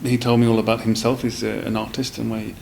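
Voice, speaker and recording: Guy on a podcast, bit of fry in his voice, rambles and restarts a lot. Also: on the low side, flat delivery, fast talker, darkish tone, a little hiss or hum, poor audio. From South East London. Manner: rambling, with many fillers and restarts. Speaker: guest. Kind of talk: casual storytelling in a podcast interview.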